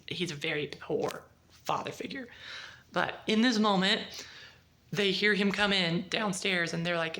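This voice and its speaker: A woman casually reviewing a book, retelling the plot in a rambling, animated way with lots of "like". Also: lowish voice, vocal fry, a little hiss or hum.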